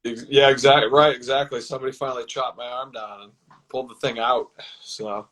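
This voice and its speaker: A man, a football team's personnel director, answering interview questions in a measured, explanatory way. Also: mid-range voice, fairly even intonation, fairly bright tone, rough recording. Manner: measured, explanatory, with many fillers.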